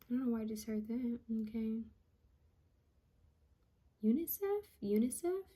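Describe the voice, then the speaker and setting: A woman psychic medium reading out channeled messages, repeating each word she hears and pausing often with ums. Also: on the high side, little pitch movement, dark tone, slightly rough. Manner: hesitant with frequent ums.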